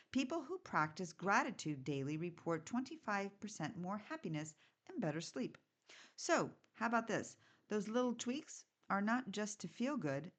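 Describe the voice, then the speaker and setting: Chatty woman podcast host, lowish voice. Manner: chatty, lively, asks listeners direct questions. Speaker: podcast host and home organizer. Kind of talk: casual solo podcast talk.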